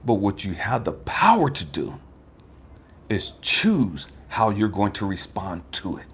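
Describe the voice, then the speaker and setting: A man voicing God as a stern but patient divine presence, speaking slowly in a hushed, partly whispered way. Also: fairly low pitch, sing-song, breathy edge, voice pushed down, full character voice. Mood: calm.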